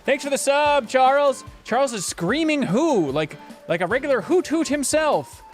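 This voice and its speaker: A man streaming a video game live, joking excitably and talking straight to his chat viewers. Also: extremely high pitch, normal speed, soft background music. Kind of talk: casual live-stream commentary.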